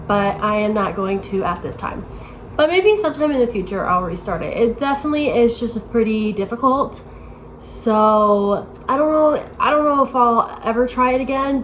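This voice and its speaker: A woman's voice: fairly high pitch, a bit bright, slight background noise, low-quality recording. A woman in her late twenties talking casually to camera in a rambling, self-deprecating way, full of "like" fillers. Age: 20s. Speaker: vlogger. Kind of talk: casual vlog chat. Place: at home, moving to her desk.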